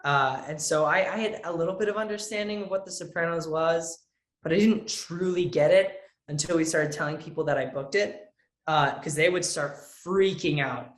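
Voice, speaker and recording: A teenage boy talks with earnest, lively energy. His voice sits a little high for a male speaker, and the room around him has a noticeable echo. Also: normal speed. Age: teens. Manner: earnest, lively, acts out quotes with a raised voice. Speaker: young actor, interview guest. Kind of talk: casual interview answers.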